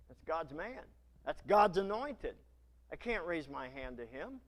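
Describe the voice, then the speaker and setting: A male preacher voicing a humble, reverent young warrior who speaks softly and earnestly in a retold scripture story. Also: on the high side, big pitch swings, unhurried. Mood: solemn.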